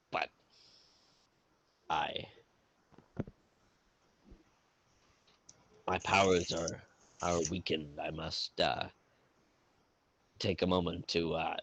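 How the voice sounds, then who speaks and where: A man voicing a tired male spellcaster with weakened powers, speaking in a hushed voice under his breath in a tabletop game. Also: sits low, creaky, breathy edge, heavily acted.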